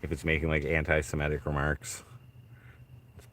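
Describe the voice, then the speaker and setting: A man's voice: rumbling low, monotone, moderate pace, fairly bright tone, a little hiss or hum. A man streaming casually from a tent, mumbling, swearing and talking to himself as he reads out chat. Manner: mumbling, swearing, talks to himself while searching.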